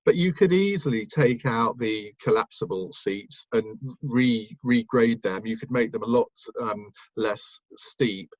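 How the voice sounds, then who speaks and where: A man's voice: mid-range voice, measured pace, hardly any pauses, dry recording, muffled recording. A man, a broadcaster and author, chatting as a guest and reminiscing in a rambling way with many ums and restarts. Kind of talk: casual interview reminiscence.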